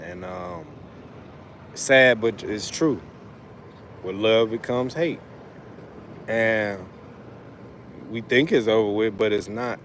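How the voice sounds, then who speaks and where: A man's voice: medium pitch, slight background noise. A man hosting a casual livestream, a father talking loosely and emphatically, with lots of cussing. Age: adult father of school-age kids. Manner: loose, profane, rambling and emphatic. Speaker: livestream host, trucker.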